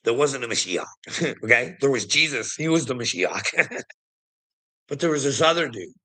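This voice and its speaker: A man with a sharp-toned, expressive mid-range voice speaks at a moderate pace in a low-quality recording. His casual conspiracy commentary is a rambling, sardonic monologue, peppered with laughter and swearing.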